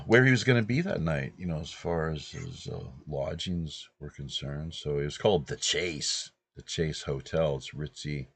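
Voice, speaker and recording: A man in his fifties from British Columbia, hosting and rambling through a relaxed anecdote. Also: extremely low pitch, breathy edge, dry recording. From British Columbia, Canada. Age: 50s. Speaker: host. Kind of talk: casual anecdotal chat.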